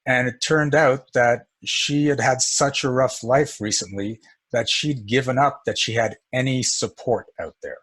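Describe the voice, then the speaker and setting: A man's voice: mid-range voice, fairly even intonation, measured pace, a bit bright, husky. A man teaching an energy work session in a casual, storytelling way, chuckling often.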